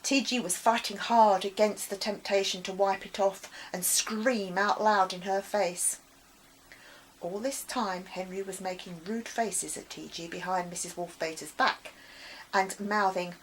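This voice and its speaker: Expressive woman reading a children's story. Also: medium pitch, unhurried, a little hiss or hum, poor audio. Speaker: author reading her book.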